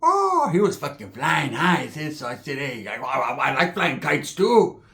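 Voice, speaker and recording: A man's voice: fairly high pitch, huge pitch swings, normal speed, vocal fry, bright, forceful tone. A man from Southern California with a Chicano English accent, rambling through a comedic monologue full of "I say" asides and Spanish slang.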